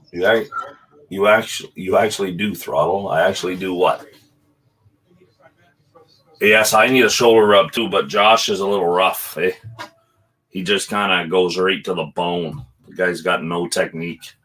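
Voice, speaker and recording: Husky low-voiced man. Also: level tone, fairly bright tone, poor audio. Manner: reads book passages aloud in a slow, low voice. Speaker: guest whisky reviewer. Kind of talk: casual chat.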